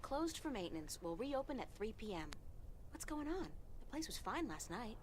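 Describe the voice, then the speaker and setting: A woman's voice: on the high side, very animated, normal speed, a little hiss or hum. An actress voicing a wry young woman game heroine who narrates in a dry, sardonic way. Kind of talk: video game voice acting.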